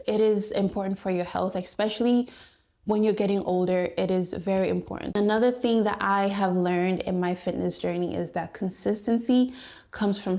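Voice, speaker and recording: A woman's voice: medium pitch, vocal fry, mellow. A young woman fitness vlogger giving a heartfelt, encouraging talk to her viewers, repeating phrases for emphasis. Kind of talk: heartfelt motivational talk to camera.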